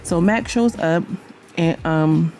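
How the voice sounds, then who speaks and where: A woman's voice: on the low side, takes it slowly, a little mellow, faint music behind. A woman giving a blunt, chatty recap of a reality show indoors, talking straight to her viewers. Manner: chatty, blunt, slangy, addresses viewers directly. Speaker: YouTube reality-show reviewer. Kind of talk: casual commentary recap. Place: indoors at home.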